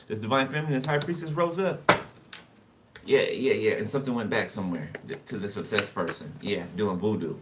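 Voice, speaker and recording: A man's voice: fairly low pitch, a little fast. A man giving a casual tarot reading, talking loosely to the viewer, laughing to himself and drawing cards as he goes. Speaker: tarot reader. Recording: distant mic with loud background noise.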